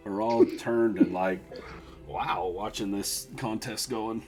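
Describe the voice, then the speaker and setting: A man's voice: fairly low pitch, steady tone, takes it slowly, music in the background. A man narrating a tabletop game as game master, laughing often as he describes the scene.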